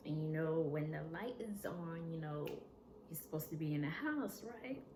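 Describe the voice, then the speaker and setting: A woman vlogger telling a personal story in an earnest, halting, confessional way. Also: low voice, animated, roomy sound, noisy background.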